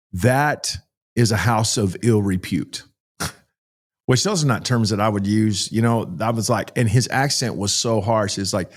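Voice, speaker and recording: A middle-aged pastor from Texas speaks. He tells his stories in a folksy, animated way, often restarting his sentences. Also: on the low side. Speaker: pastor and child rescuer. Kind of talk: interview storytelling.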